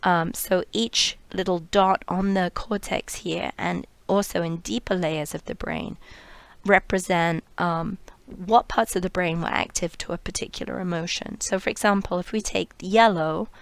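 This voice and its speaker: A woman's voice: lowish voice, fairly even intonation, moderate pace, creaky, no room sound. A woman narrating a lecture over slides, explaining step by step with fillers and restarts, sometimes trailing off to a near whisper.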